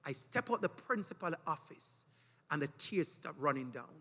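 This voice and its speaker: A man with a Caribbean accent speaking at a teachers' conference, telling stories in an animated preaching style and acting out the people in them. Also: on the high side, normal speed. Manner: animated storytelling with acted quotes. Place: conference hall. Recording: reverberant hall.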